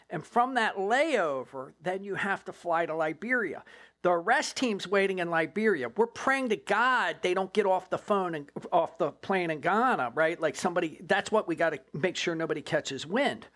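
A former drug agent, a man, telling a case story in an interview in a blunt, profane, animated way. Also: sits high, normal speed.

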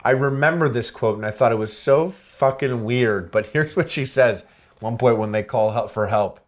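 A man hosting a casual podcast chat who reads game quotes aloud with quick impressions and laughs often. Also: medium pitch. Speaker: podcast host.

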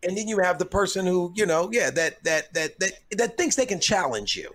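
Man comedian, podcast host, somewhat high voice, relaxed storyteller. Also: brisk. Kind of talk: casual storytelling chat.

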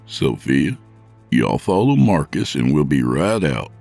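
A man voicing a gruff, menacing Santa Claus with a deep gravelly voice and a slow soothing drawl in a storybook reading. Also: big pitch swings, darkish tone, soft background music, full character voice. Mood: gentle. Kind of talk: audiobook narration.

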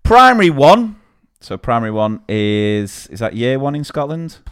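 A man's voice: mid-range voice, sing-song, normal speed, smooth, dry recording, clean studio sound. A man, a podcast co-host reading out listener stories in casual chat and giggling.

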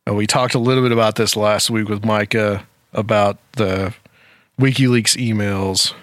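A man's voice: on the low side, fairly even intonation, moderate pace, no room sound, clean studio sound. A man hosting a talk show, speaking casually and rambling with frequent fillers. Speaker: podcast host.

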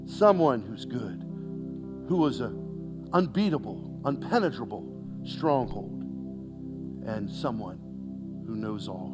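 A man preaching a sermon, calling out questions to the congregation and swinging between loud exhortation and hushed, near-whispered lines. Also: medium pitch.

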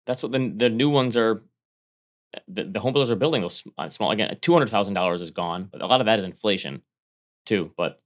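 Fast-talking man co-hosting a podcast. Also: on the low side. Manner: quick, animated, restarts mid-sentence. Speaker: podcast co-host. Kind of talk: casual finance chat.

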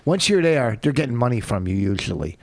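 A man's voice: medium pitch, big pitch swings, fairly quick, gravelly, no room sound. A man arguing defensively in a casual quarrel, insisting on his side and cutting in. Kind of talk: heated casual argument.

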